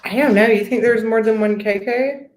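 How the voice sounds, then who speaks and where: A woman's voice: fairly high pitch, moderate pace, roomy sound. A woman hosting a live stream in a casual, blunt, profane, gossipy way.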